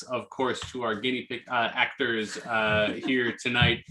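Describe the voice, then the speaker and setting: A man's voice: mid-range voice, level tone, measured pace, sharp tone, slight background noise. A man who hosts an online play reading, reading stage directions plainly and giving thanks with casual fillers.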